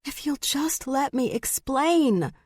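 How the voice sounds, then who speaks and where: A frantic young woman begs in a bright, lifted voice, performed by a female audiobook narrator. The sound is dry and close. She talks urgently and pleads. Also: high voice, sing-song, a little slow, no room sound, voice pushed up. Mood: pleading. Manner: breathless and pleading. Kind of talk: audiobook character voice.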